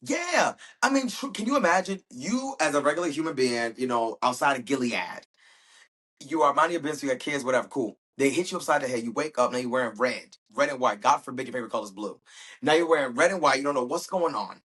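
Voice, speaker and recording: A man with a husky, slightly breathy voice talks through a TV episode recap. His delivery is chatty and slangy, and he slips into little acted-out quotes as he goes. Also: mid-range voice, animated, quick pace, a bit bright. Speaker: podcast host.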